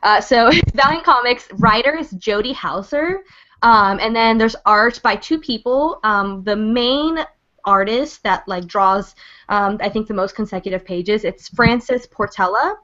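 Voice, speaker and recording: A woman's voice: fairly high pitch, measured pace, pushed and bright, highs cut off. A woman giving a casual review, chatty and rambling, with lots of fillers. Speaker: guest reviewer. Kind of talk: casual comic book review.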